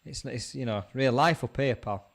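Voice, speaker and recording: A man's voice: medium pitch, moderate pace, creaky. Laughing man with a Yorkshire accent. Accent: West Yorkshire. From England. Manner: laughs often, banters, animated. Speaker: host. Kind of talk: casual chat.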